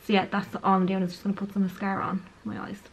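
A woman's voice: medium pitch, monotone, fast, poor audio. A young woman casually chatting through her everyday makeup routine while she applies it. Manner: chatty, self-aware, talks while applying makeup. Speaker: beauty vlogger. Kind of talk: casual makeup tutorial chat.

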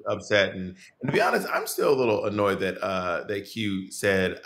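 Sassy bright-voiced man on a call. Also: fairly low pitch, fast, hardly any pauses. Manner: playful, sassy, teasing. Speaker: podcast co-host. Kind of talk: casual recap chat. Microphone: remote video call mic.

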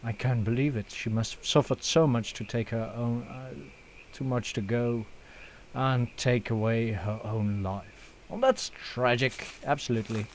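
A man's voice: mid-range voice, a little slow, slight background noise. A young man hosting a let's play, joking around, swearing and using lots of fillers. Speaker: gaming channel host.

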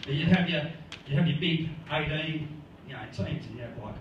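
A man's voice: on the high side, a little fast, lo-fi sound. A man with an Australian accent doing a rambling stand-up set, laughing at his own jokes. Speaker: stand-up comedian. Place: comedy club stage. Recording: echoey room, far mic, noisy.

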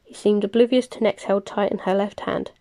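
A woman reading a novel aloud, plain and unhurried, with small slips she corrects as she goes. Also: mid-range voice, steady tone, dark tone. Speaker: reader. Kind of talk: audiobook-style novel reading.

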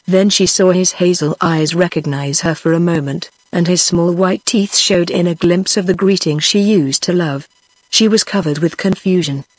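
A woman's voice: fairly low pitch, slightly rough, no echo, poor audio. Synthetic British woman reading an audiobook. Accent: British English. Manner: steady synthetic reading, same tone for every character. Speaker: audiobook narrator. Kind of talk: text-to-speech audiobook reading.

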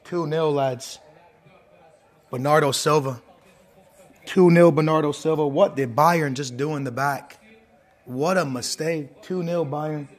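A man's voice: on the high side, unhurried, pauses often. A man reacting live to a football match, ranting and swearing at the referee on screen. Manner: ranting, profane, talks at the screen.

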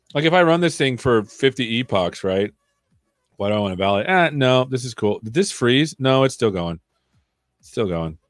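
A man's voice: mid-range voice, no room sound. Chatty man live-coding, dry close sound. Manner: chatty, jokey, thinking aloud while typing. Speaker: host of a live coding stream. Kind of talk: casual live-coding chat.

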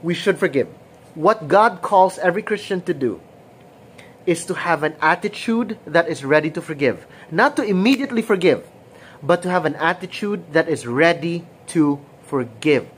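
A woman's voice: lowish voice, lively intonation, moderate pace, slight background noise, rough recording. A woman teaching a conversational sermon, repeating her points and acting out quoted dialogue. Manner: informal, repeats phrases, acts out quoted dialogue. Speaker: Bible teacher.

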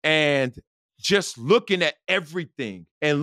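A middle-aged man from Los Angeles, a guest telling stories in an animated way, laughing and acting out quotes with loud, high bursts. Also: moderate pace, no room sound, studio quality. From Los Angeles, United States. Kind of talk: animated storytelling.

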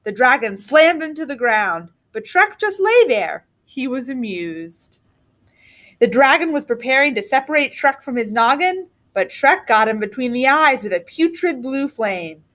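A woman teacher reads a picture book aloud with expressive storytelling. Her voice is on the higher side and moves a lot in pitch. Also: a little slow.

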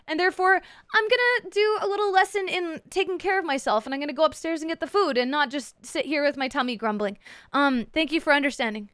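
A woman's voice: high voice, a little fast, fairly bright tone, no room sound, clean studio sound. A woman streamer chatting casually with her live chat, playful and teasing, swearing freely. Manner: playful, crude, swears a lot, teases chat.

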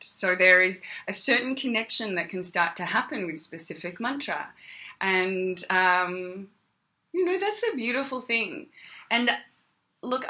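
A woman's voice: mid-range voice, pushed and bright. An Australian woman teaching meditation on a casual livestream, chatty and greeting viewers by name. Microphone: phone.

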